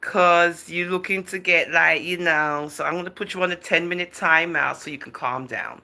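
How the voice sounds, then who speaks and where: A woman's voice: fairly low pitch, normal speed, vocal fry, bright, forceful tone. A woman hosting a livestream in casual chat, answering viewer comments in a chatty, teasing way, often laughing and calling people darling and girl. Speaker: livestream host.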